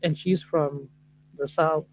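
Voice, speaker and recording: A woman's voice: sits low, fairly even intonation, slow, lo-fi sound. A woman calling in as a guest, debating casually and hesitantly, with plenty of fillers. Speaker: call-in guest.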